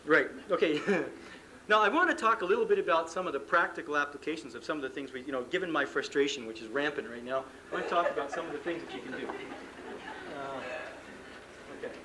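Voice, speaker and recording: Man, lecture to coaches, casual and joking, acts out scenes, a bit high-pitched, faint tape noise. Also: a little fast. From Canada. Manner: conversational, acts out coach and athlete dialogue, self-deprecating humor. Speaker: sports psychologist giving a coaches' seminar. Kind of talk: live seminar lecture. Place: conference room before an audience.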